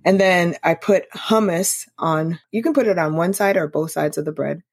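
A woman's voice: lowish voice, normal speed, darkish tone, breathy edge, no room sound, studio quality. A woman co-hosting a podcast, chatting casually and enthusiastically. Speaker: podcast co-host. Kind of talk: casual chat.

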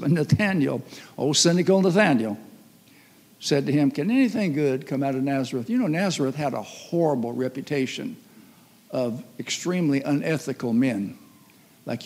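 A man's voice: on the high side, husky. A man preaching a sermon as pastor, telling stories and acting out voices. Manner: storytelling, animated, acts out voices. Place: church hall. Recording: long reverb of a church hall.

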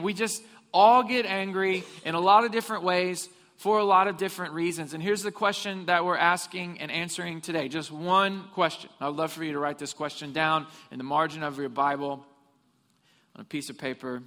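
Pastor guy preaching, kinda high bright voice, big echoey church hall, jokes around w the crowd. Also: steady tone, moderate pace. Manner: humorous storytelling, asks the congregation questions. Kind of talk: sermon. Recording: long reverb of a hall.

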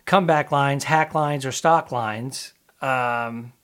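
A man's voice: mid-range voice, slow, a bit bright, smooth. A man co-hosting a comedy podcast, ribbing his partner playfully and joking at his own expense. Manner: playful ribbing, self-deprecating. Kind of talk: casual comedic chat.

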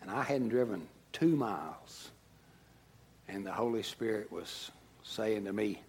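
Husky pastor telling a story. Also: male voice, mid-range voice, lively intonation, normal speed. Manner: storytelling, swings from hushed to loud. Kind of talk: sermon.

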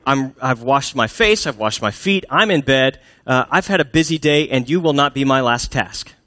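A man's voice: mid-range voice, lively intonation, normal speed, bright, forceful tone, dry recording, studio quality. A man voicing an exasperated young wife who turns her husband away, speaking in a sassy, indignant way. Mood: weary.

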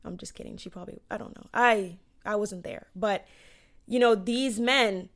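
A young woman talks through a Bible story in a loose, chatty way, full of slang and "you know". Her voice sits at a middle pitch, neither high nor low. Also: normal speed. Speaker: vlogger retelling a Bible story. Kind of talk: casual storytelling.

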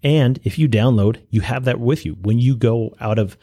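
A man hosting a podcast, giving an earnest motivational talk that urges listeners on, with restarts and pauses. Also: medium pitch, dark tone, no room sound, clean studio sound. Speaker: podcast host. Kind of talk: motivational monologue.

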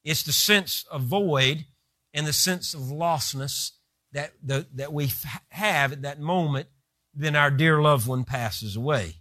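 A man's voice: on the high side, slow, sharp tone, dry recording, clean studio sound. A man preaching a sermon who retells scripture with vivid, rising emphasis.

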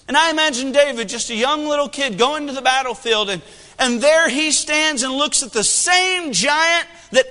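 A man in his thirties preaching a sermon with animated delivery and humor. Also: very high-pitched, in a large hall. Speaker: pastor.

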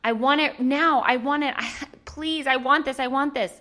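A woman's voice: high voice, normal speed, sharp tone, voice pushed up. A woman voicing a small, greedy toddler who stands for an urge, whining and demanding over and over. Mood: whiny.

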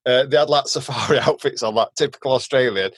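A man from England, hosting a casual podcast chat, chatty and quick to laugh. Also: mid-range voice, breathy edge, dry recording. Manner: chatty, laughs often, repeats words when starting. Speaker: podcast host.

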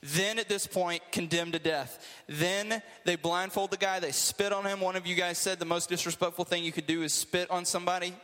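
Bright-voiced man preaching casually. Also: high voice, fairly even intonation, a little fast, few pauses, in a large hall. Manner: conversational, with joking asides. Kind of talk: casual sermon to a youth group.

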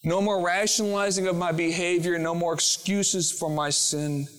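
A man delivers a sermon from the pulpit, his voice sitting a little higher than most. He shifts between quiet, slow reflection and rising, emphatic declarations as he preaches. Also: steady tone. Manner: rises from hushed, slow reflection to fervent, emphatic proclamation. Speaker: pastor.

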